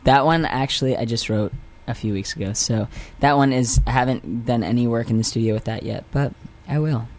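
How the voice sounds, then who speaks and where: Brief: young man, mid pitch, easygoing studio guest, friendly with callers. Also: brisk, few pauses, faint music behind. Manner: friendly, laid-back, thanks callers warmly. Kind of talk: casual radio interview chat.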